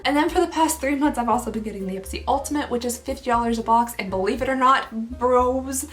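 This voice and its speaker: A chatty young woman with a fairly high voice talks casually to camera, poking fun at herself as she goes. She sits a little back from the microphone, and faint music plays underneath. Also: distant mic. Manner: chatty and self-mocking, laughs between sums. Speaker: beauty vlogger.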